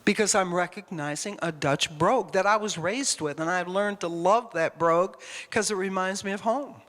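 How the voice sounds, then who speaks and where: A woman's voice: on the low side, moderate pace, fairly bright tone. A woman giving a conversational sermon, emphatic and rambling, often putting questions to the congregation. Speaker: church speaker. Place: church hall. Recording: long reverb of a church hall.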